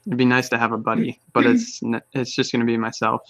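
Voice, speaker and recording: A man's voice: medium pitch, monotone, fast talker, fairly bright tone, dry recording, rough recording. A man as a guest on a live talk show, laid-back and understated with dry humor. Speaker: guest, paramotor pilot. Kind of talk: casual chat on a remote call.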